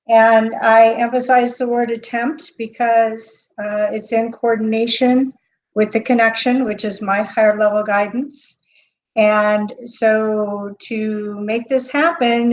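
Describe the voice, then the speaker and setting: A woman hosting a live stream as a medium. She talks off the cuff with many pauses and fillers, and greets chat viewers by name. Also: fairly high pitch. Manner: hesitant, with frequent pauses and fillers. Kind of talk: unscripted live-stream talk. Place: indoor room. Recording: dull lo-fi webcam audio.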